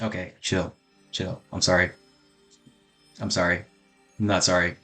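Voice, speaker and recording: A man's voice: sits low, level tone, unhurried, long pauses, sharp tone, faint music behind. A young man casually commenting on a game he streams, crude and joking as he rambles.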